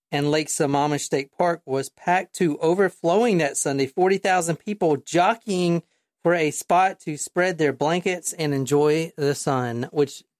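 Low-voiced profane woman telling a story. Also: darkish tone, no echo, studio quality. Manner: profane, rambling storyteller with many fillers. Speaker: podcast host telling a true crime story. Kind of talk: casual chat.

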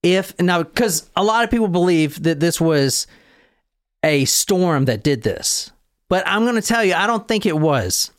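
A man hosting a podcast in a lively, excitable way, with his pitch jumping around a lot and sitting a bit high. He swears freely and breaks into laughs, and his voice is dry and close with no room sound. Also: no room sound. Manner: excitable, swears and laughs often, quick bursts. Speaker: podcast host. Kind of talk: casual storytelling chat.

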